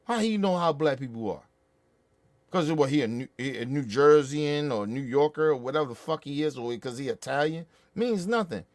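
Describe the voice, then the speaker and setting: A man's voice: on the high side, lively intonation, moderate pace, darkish tone, no room sound. A man hosting a show, ranting about politics in a heated, profane way with angry bursts. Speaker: show host.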